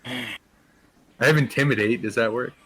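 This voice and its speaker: A man's voice: medium pitch, fairly even intonation, normal speed, fairly bright tone, husky. A young man, a player in a tabletop game, talking in a laid-back, profane way. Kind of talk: casual chat.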